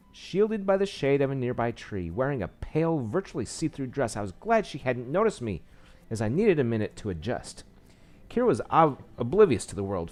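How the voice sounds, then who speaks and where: A man's voice: mid-range voice, darkish tone. A man reading a visual novel aloud, with small slips and asides, saying he is losing his voice. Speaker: game narrator.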